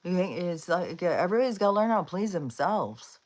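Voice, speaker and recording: A woman's voice: on the low side, sing-song, a little fast, darkish tone. A woman hosting a live stream, rambling casually and chatting to her dogs between thoughts. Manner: chatty and rambling, with frequent fillers and laughs; talks to her dogs in a coaxing voice.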